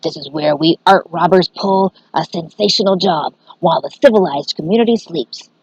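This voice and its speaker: A woman voicing a scheming male thief leader in a storybook, speaking low and hushed. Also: normal speed, creaky, breathy edge, no echo, muffled recording.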